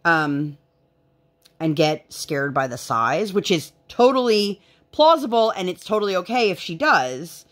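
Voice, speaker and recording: A woman's voice: on the low side, sing-song, measured pace. A woman in her thirties chatting casually while she works on a craft, rambling with lots of fillers. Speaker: vlogger.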